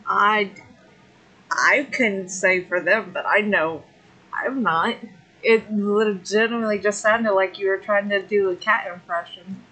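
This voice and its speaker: A woman's voice: mid-range voice, steady tone, a little slow, pushed and bright, rough recording. A woman streamer chatting casually during an online tabletop game, laughing often. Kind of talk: casual chat.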